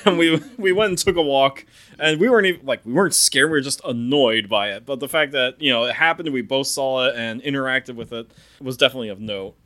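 A man in his thirties, a podcast host, telling a ghost story in a casual, animated way and acting out the sounds. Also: mid-range voice, fairly quick. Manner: animated, acts out sounds and quotes.

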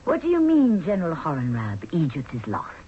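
A woman's voice: low voice, huge pitch swings, brisk, a little hiss or hum. An actress playing a proud, idealistic Egyptian queen in a 1970s radio drama, speaking in a haughty way. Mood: alarmed. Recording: dull lo-fi radio recording.

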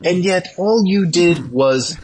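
A man's voice: sits high, takes it slowly, a little mellow, a little hiss or hum. A man calling in to a podcast, delivering a mock-indignant, wordy rant. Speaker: caller. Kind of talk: phoned-in comedic rant.

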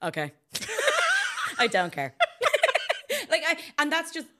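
A woman co-hosting a film podcast in casual chat, animated and quick to laugh, with frequent asides. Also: very high-pitched, a little hiss or hum. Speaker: podcast co-host.

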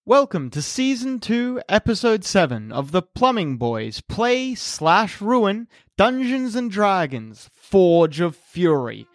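A man running a tabletop game as dungeon master, narrating the action with a relaxed, chuckling delivery. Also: high-pitched, takes it slowly, few pauses. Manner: laid-back, chuckling storyteller.

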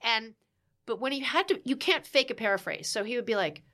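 A woman chatting casually on a podcast, telling a lively story with quick asides and acting out quoted lines. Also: fairly high pitch. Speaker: guest telling a marriage story.

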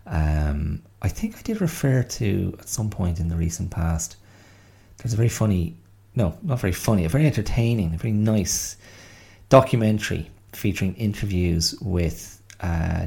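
A man in his fifties hosting a podcast, talking through a casual solo monologue in a reflective, halting way with many pauses and fillers. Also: low-pitched, animated, gravelly, warm tone. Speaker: podcast host.

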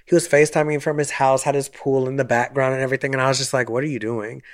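A young man with a medium-pitched voice holds forth in loose podcast chat. He tells stories with plenty of animation, acting out other people's lines and swearing freely. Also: quick pace. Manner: animated storytelling, swearing, acts out quotes. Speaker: podcast co-host. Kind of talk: casual chat.

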